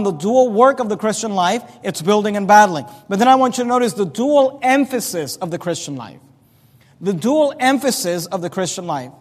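A man preaches from the pulpit with a high voice, pressing his points with sudden rises in pitch and volume. His words carry a long reverb through the church sanctuary. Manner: emphatic preaching with swings in loudness and pitch. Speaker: pastor. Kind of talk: sermon.

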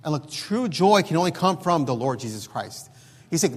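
A man's voice: a little high, animated, fairly quick, breathy edge. A man preaching a sermon in an emphatic way, repeating words and often saying "look.". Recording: long hall reverb.

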